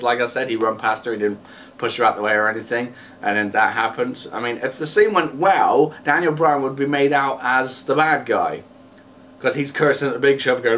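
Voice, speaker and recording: A man vents in a loose, rambling rant, full of fillers and false starts. His pitch sits mid-range, and he sounds a little distant from the mic. A faint hiss runs underneath. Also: a bit bright. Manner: exasperated, rambling, many fillers and restarts. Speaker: vlogger. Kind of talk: casual rant to camera.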